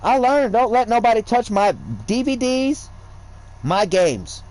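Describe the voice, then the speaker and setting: A man's voice: very high voice, sing-song, slow pace, darkish tone, poor audio. A man streaming a game and talking casually, in a profane, rambling, lecturing way. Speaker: gaming streamer. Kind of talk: casual livestream rant.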